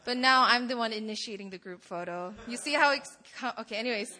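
A woman's voice: on the high side, fast, sharp tone. A woman in her twenties, a student, praying and then speaking casually to a campus fellowship group, with frequent laughs. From Poland. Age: 20s. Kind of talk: opening prayer and talk to a student group.

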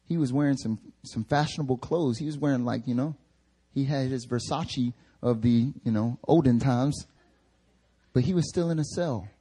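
A young male pastor preaching a sermon in a casual, slangy, animated way. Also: medium pitch, moderate pace, slightly rough.

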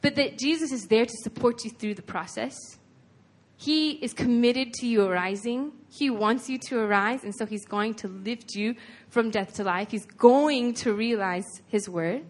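A woman's voice: fairly high pitch, normal speed. A woman preaching a sermon in an earnest, conversational way, retelling a scripture story with lots of casual "like"s.

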